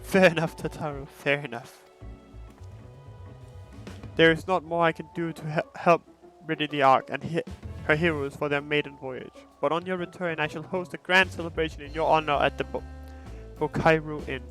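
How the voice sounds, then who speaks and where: A man voicing a self-assured, smooth-talking male merchant with a grandiose, showman-like delivery, sometimes tripping over words. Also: fairly high pitch, steady tone, moderate pace, a bit bright, soft background music.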